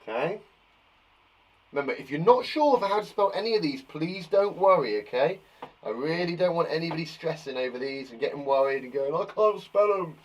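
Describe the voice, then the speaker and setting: Animated man teaching spelling. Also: a little high, lo-fi sound. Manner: cheerful, encouraging, slow and clear dictation of words. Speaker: primary school teacher. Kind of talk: live spelling lesson for young children. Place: garden shed.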